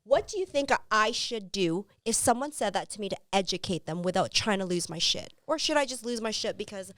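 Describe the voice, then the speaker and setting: A woman, a mother, co-hosting a casual podcast chat, telling stories with animated retellings and frequent swearing. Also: medium pitch, a little fast, no echo, studio quality. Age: adult with a son. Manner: animated storyteller, swears freely. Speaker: podcast co-host.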